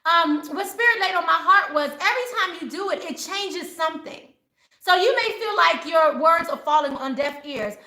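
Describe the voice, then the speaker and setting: A woman's voice: extremely high pitch, moderate pace. A middle-aged woman, a spiritual advisor, talking casually and animatedly to her viewers and acting out what people say. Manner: animated, acts out quoted voices. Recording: roomy echo.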